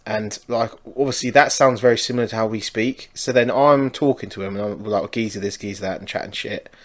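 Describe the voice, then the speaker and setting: A man with an ordinary mid-range voice chatting easily on a podcast. He rambles through stories in a relaxed, friendly way and often laughs along. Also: mid-range voice, a little fast. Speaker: podcast co-host. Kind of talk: casual podcast chat.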